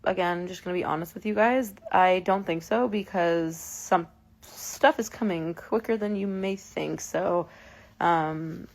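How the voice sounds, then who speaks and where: Speaking at a measured pace, a woman in her twenties with a fairly low, creaky voice chats casually with fans on a livestream from her phone. She's emotional, with plenty of fillers and restarts.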